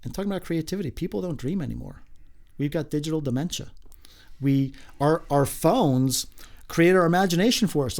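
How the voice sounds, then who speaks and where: A middle-aged man, a gym teacher, talking in a casual podcast chat, upbeat and emphatic, often rising high when excited. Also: brisk.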